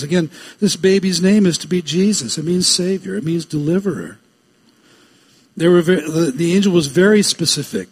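Husky-voiced man preaching a sermon. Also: sits high. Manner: reads scripture aloud with slow, stressed phrasing and quick asides. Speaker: pastor.

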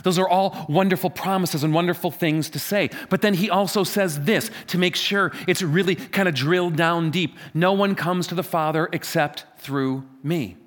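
A man preaching a sermon from a church stage, emphatic and repetitive, swinging between loud stresses and quiet asides. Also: moderate pace, few pauses. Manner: emphatic, repeats phrases, wide swings in pitch and loudness. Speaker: pastor.

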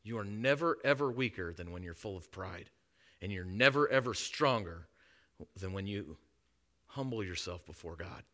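A man preaching a sermon with emphatic delivery, shifting from hushed tones to loud declarations. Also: low voice, expressive, moderate pace.

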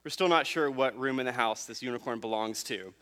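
A man in his thirties preaching a sermon, telling a family story in a relaxed, conversational way with fillers and restarts. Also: medium pitch, brisk. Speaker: pastor.

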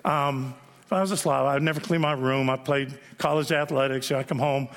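A pastor tells stories conversationally during his sermon, often pausing for asides to check in with the congregation in the sanctuary. He speaks at normal speed in a steady, mid-range voice, echoing with a large hall's long reverb.

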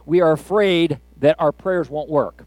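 A man's voice: on the high side, a little mellow, no room sound. Older male preacher, dry folksy sermon. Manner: conversational, folksy, with halting restarts.

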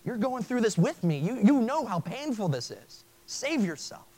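A preacher acting out a desperate dying thief who pleads in a high, strained voice. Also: male voice, big pitch swings, moderate pace, darkish tone. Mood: desperate pleading.

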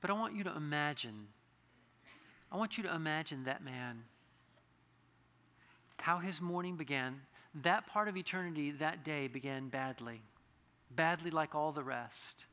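A high, bright male voice preaching in a long-reverb church hall. He speaks earnestly and climbs into impassioned pleading, often restarting his phrases. The sound carries a lingering echo. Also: measured pace, pauses often. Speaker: pastor. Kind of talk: sermon.

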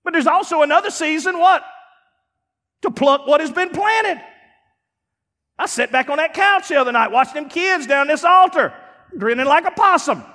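A man pastor preaching a sermon in a folksy, emphatic way, dropping now and then to quiet asides. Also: extremely high pitch, animated, normal speed, long pauses, long reverb tail. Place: church sanctuary.

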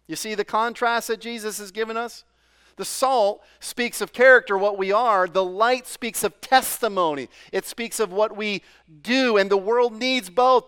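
A man preaching to his church in a high, smooth, clear voice. He is animated and conversational, asks the congregation questions, and often repeats words mid-thought. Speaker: pastor. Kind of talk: sermon.

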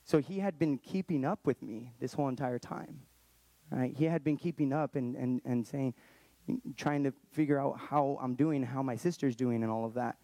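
A man in his thirties telling a personal story in an earnest, halting way, often restarting his sentences. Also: medium pitch, dark tone, no echo. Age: 30s. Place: Texas, around Austin.

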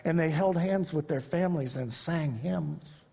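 A man's voice: fairly high pitch, unhurried, gravelly, breathy edge. A man preaching a sermon, telling stories and rising to emphatic peaks. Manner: storytelling preacher, builds to loud emphatic peaks. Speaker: pastor. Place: church sanctuary. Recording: long reverb of a large hall.

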